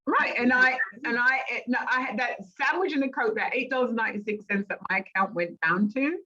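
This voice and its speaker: A woman's voice: on the high side, a little fast. A middle-aged woman from Great Britain, a life coach telling her story as an interview guest and acting out the voices she quotes. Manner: animated, acts out quoted voices. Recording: dull lo-fi audio.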